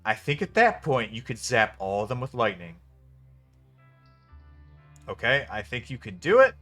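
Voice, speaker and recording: A man's voice: medium pitch, big pitch swings, normal speed, bright, forceful tone, faint music behind. A man giving a casual spoken film review, venting in an exasperated, profane way. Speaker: movie reviewer.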